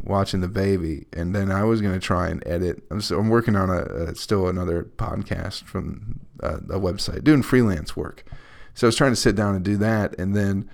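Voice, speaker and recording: A man's voice: fairly low pitch, creaky, a little mellow. A young man, a comedian, talking through a casual, profane, scattered podcast monologue with a wry edge.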